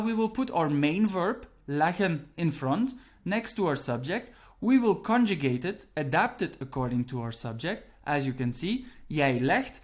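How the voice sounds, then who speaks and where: Man, online language teacher, patient step-by-step explaining, repeats key points. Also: sits high.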